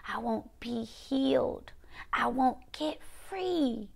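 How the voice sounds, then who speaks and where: A woman preaching and praying in an impassioned sermon, swinging from loud declarations to hushed whispers. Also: a little high, expressive, slow pace, vocal fry. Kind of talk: live-streamed sermon and prayer.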